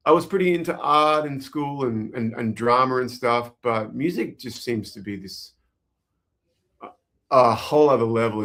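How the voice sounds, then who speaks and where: An Australian man talks casually as a musician guest in a podcast interview. He is easygoing and rambling and laughs lightly between thoughts. His voice sits in an ordinary middle pitch. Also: fairly bright tone. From Australia, west coast.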